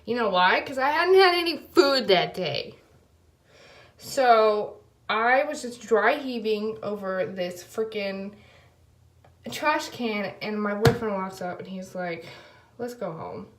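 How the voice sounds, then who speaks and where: A woman's voice: mid-range voice, expressive, slow, noisy background. Rambling young woman in an echoey room. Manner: rambling, lots of fillers and quoted back-and-forth, self-conscious asides. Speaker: vlogger. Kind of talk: casual video diary storytelling.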